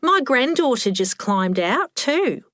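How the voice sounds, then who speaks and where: A woman's voice: high voice, sing-song, slow, fairly bright tone, no echo, studio quality, pitched above the performer's own voice, full character voice. A woman voicing a nosy, scatterbrained elderly lady who talks in an eager, muddled way.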